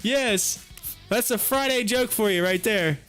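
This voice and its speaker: Livestream host, thirties, high-pitched, loose rambling storyteller. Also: male voice, unhurried, fairly bright tone, clear, resonant tone, soft background music. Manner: rambling, repeats words and restarts, chuckles often. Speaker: stock trading livestream host.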